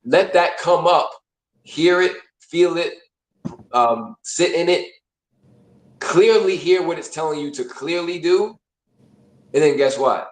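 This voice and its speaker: A man's voice: on the high side, takes it slowly, pauses often. A man hosting a casual talk, explaining in a conversational way and acting out inner voices. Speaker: host. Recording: echoey room.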